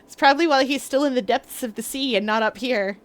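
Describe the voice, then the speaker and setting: A woman's voice: sits high, brisk. A young woman from the Maritimes, chatting casually on a live stream, giggling often and rambling through asides. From Canadian Maritimes. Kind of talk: casual live-stream chat while gaming.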